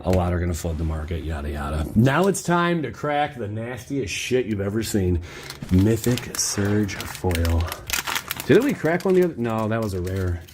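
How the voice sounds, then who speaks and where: Man, low register, very animated delivery, rambling excitable streamer opening packs; faint background noise. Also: normal speed. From Cleveland area, Ohio. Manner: rambling, excitable, slangy asides to viewers. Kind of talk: casual chat while opening card packs.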